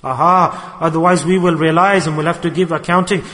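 A man with a high voice and delivers an earnest, animated sermon. He slips into quoted voices as he talks, and his words ring out with the long reverb of a large hall. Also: a little fast. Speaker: preacher.

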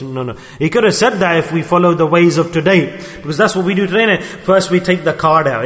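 A man giving a storytelling sermon, animated, acting out dialogue and repeating phrases for emphasis. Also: fairly high pitch, quick pace. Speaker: preacher. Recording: long hall reverb.

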